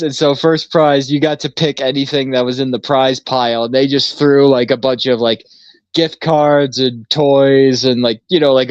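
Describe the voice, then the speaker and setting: A man's voice: mid-range voice, no room sound. Laid-back man telling a story, lo-fi. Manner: laid-back storyteller, swears freely, laughs often. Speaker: podcast co-host. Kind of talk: casual chat. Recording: slightly dull lo-fi sound.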